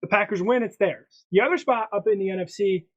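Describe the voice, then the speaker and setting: A man's voice: high voice, fast talker, a bit bright. A man hosting a sports prediction podcast, chatting casually in a presenting style, often restarting his sentences. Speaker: podcast host. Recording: dull lo-fi sound.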